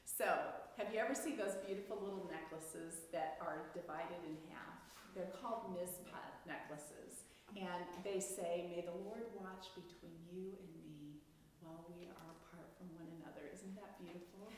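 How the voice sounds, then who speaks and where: A woman's voice: lowish voice, normal speed, a little mellow, distant mic, a little hiss or hum. A woman leading a group Bible study, chatting with laughing asides and quizzing her class as she goes. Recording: echoey hall with long reverb.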